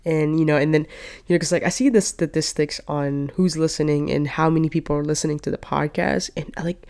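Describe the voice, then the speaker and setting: A woman's voice: sits low, fairly even intonation, brisk, a little mellow. A woman in her twenties hosting her own podcast in a casual, rambling way, still a little sick, filling her talk with "like" and "you know.". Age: 20s. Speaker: podcast host. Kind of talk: casual solo podcast chat. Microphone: podcast microphone.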